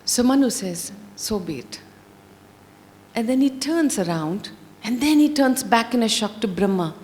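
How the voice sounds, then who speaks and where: A woman telling a scripture story in a slow, deliberate, expressive manner. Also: on the high side, a little hiss or hum. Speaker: spiritual storyteller. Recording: long hall reverb.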